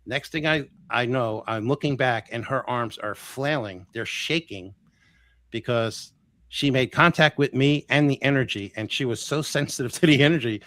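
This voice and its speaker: A man in his sixties, a healer guest telling stories in a casual, animated way, chuckling often and acting out what people said. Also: mid-range voice. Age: 60s. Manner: animated, chuckles often, acts out quoted dialogue. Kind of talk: casual storytelling.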